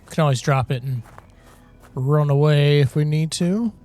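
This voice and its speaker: A man chats through his survival game session in a loose, rambling way, full of ums and little jokes. His voice sits a bit higher than most men's. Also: moderate pace, mellow. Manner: rambling and joking, with many fillers. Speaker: game video creator. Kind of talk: casual gameplay commentary.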